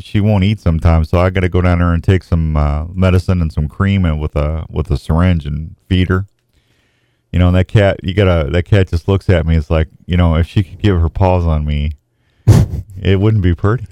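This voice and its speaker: A middle-aged man hosting a casual talk show, folksy and grieving, pausing slowly as he speaks. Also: low-pitched, warm tone, no echo. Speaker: radio show host.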